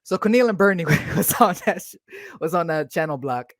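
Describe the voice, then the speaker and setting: A woman's voice: fairly low pitch, expressive, brisk, no room sound, studio quality. A young woman co-hosting a podcast, rambling casually with lots of fillers and swearing. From United States. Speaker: podcast co-host. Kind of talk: casual chat.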